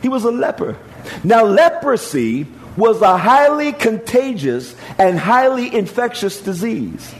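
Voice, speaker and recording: A man's voice: high voice, big pitch swings, a little slow, rough recording. A man preaching a sermon as pastor, repeating phrases and swinging his emphasis up and down.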